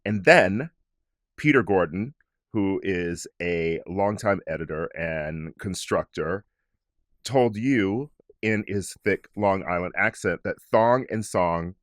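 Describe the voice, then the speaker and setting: Low-voiced man hosting a chat. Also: slow pace, no room sound, studio quality. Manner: curious, conversational questioner. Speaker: podcast host. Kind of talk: casual interview conversation.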